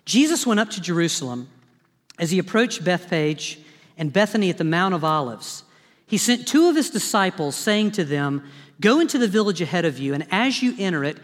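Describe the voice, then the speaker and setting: A man, a pastor, preaching a sermon in an animated, dramatic style with humorous asides, recorded in a church sanctuary. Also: on the high side, in a large hall.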